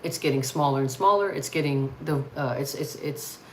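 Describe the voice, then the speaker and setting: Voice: medium pitch, moderate pace, a bit bright, a little hiss or hum, low-quality recording. An American host talking casually and bluntly on a livestream, ranting with frequent swearing. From United States.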